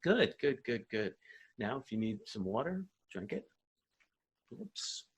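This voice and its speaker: Husky male vocal coach, animated. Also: mid-range voice, measured pace. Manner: calm, encouraging instruction. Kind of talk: guiding a singing warm-up.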